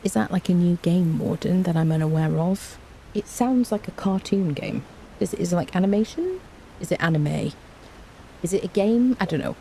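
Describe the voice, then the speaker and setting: A woman's voice: lowish voice, moderate pace, creaky, warm tone, slight background noise. A woman with a cold, chatting playfully with her live-stream viewers and greeting them by name from home. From Britain. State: has a cold. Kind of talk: casual live-stream chat. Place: indoors at home.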